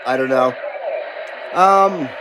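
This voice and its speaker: A man's voice: mid-range voice, slow pace, noisy background. A man hosting a CB radio livestream, reading chat messages aloud in a rambling, self-deprecating way and laughing often. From western United States.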